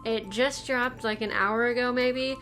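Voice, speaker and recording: Chatty, bright-voiced woman vlogger. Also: a little high, steady tone, measured pace, soft background music. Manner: chatty, laughs often. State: tired after work. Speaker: YouTube reaction vlogger. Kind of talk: casual blind reaction commentary.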